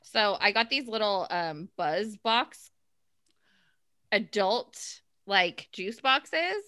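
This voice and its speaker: A woman chatting casually as a podcast co-host, talkative and full of fillers, with sudden quick bursts. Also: medium pitch, expressive, sharp tone. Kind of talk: casual chat.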